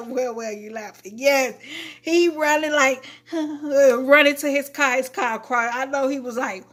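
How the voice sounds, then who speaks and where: Animated woman telling a story. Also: sits high, unhurried. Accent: Chicago. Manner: animated, acts out quotes, laughs often. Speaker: live streamer. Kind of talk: casual storytelling to stream viewers.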